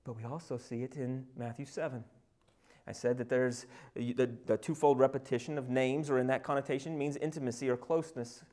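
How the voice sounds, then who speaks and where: Preaching a sermon, this pastor recounts scripture scenes and drops in conversational asides, moving between loud, emphatic moments and near-whispers. He has a mid-range voice with a steady tone and talks fairly quickly.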